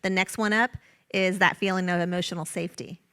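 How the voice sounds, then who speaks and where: A woman's voice: lowish voice, fairly even intonation, fast, a bit bright, clear, resonant tone. A woman co-hosting a casual parenting chat, agreeing often and adding practical examples. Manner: affirming, adds practical examples. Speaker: co-host.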